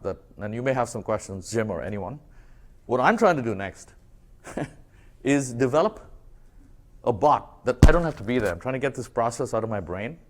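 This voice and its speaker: A man speaking to a live audience in a relaxed, conversational way. He tells his work stories with animation and slips into quoted dialogue as he goes. His voice sits at an ordinary middle pitch. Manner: animated storytelling, acts out dialogue. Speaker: speaker presenting branding work.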